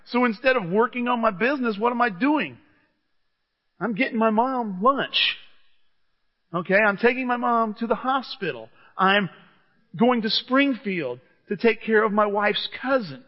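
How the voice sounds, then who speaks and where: A man's voice: high-pitched, expressive, a little slow. A middle-aged man preaching a sermon in a conversational, enthusiastic storytelling manner, recorded in a church. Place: church hall. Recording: muffled church recording with long reverb.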